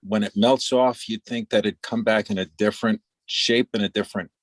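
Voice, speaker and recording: Low voiced guy on a dry mic, chill, talking about his frost photos. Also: fairly quick, dry recording. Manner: relaxed, reflective, with little laughs. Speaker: photographer in the exhibition. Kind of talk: casual video-call discussion.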